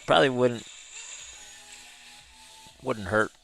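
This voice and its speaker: A man's voice: medium pitch, slow, gravelly, a bit bright, faint music behind. A man hosting a livestream, chatting casually with viewers, reading their comments aloud and chuckling often. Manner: easygoing, chuckles often, drawls words. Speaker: livestream host.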